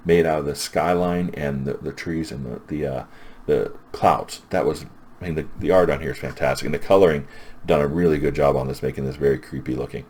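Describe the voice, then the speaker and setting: A man's voice: a bass voice, steady tone, a little fast, darkish tone, husky. A man casually retelling a comic's plot as a reviewer, rambling and enthusiastic.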